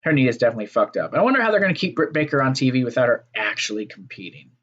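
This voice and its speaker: A man's voice: medium pitch, sing-song, racing, a bit bright, lo-fi sound. A man giving a casual, rambling solo review of a wrestling show, swearing freely and trailing off into fillers. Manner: profane, rambling, fillers and restarts.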